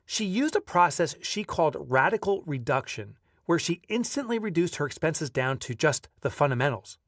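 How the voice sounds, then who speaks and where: A man reading his own audiobook aloud, lively as a storyteller and breaking off now and then for casual asides. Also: on the high side, normal speed, no echo, studio quality, distant mic. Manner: lively storyteller who breaks off to chat offhand. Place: video recording setup.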